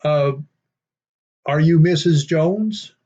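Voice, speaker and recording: A deadpan prankster coworker puts on an earnest, official manner, as a man retells him. He talks slowly and a little higher than the teller's usual voice. The audio sounds dull and lo-fi. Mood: mock-official.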